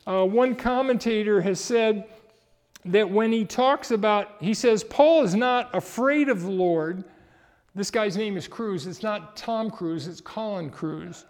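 A man's voice: high-pitched, measured pace, a little mellow. A middle-aged man preaching a sermon as a pastor, emphatic and rising in force on key points, with a chuckle here and there. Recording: long hall reverb.

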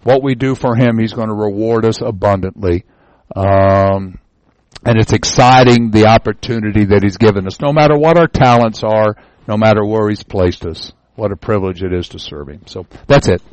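A man's voice: on the low side, moderate pace, a little mellow, no room sound, poor audio. Folksy male Bible teacher, dry sound. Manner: folksy storytelling, repeats words. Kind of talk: informal Bible lesson.

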